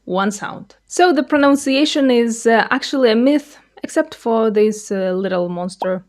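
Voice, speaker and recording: A young woman with a Russian accent, a native Russian speaker, giving a playful, clearly explained scripted video lesson. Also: on the high side, normal speed, a little mellow. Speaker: language teacher.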